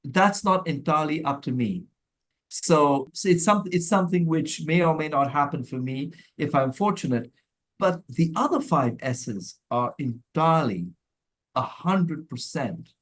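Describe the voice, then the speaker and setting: Middle-aged and from India, this male guest speaks at a medium pitch, giving reflective, measured answers in a conversational interview. A mental health professional, he often restarts mid-thought and laughs lightly.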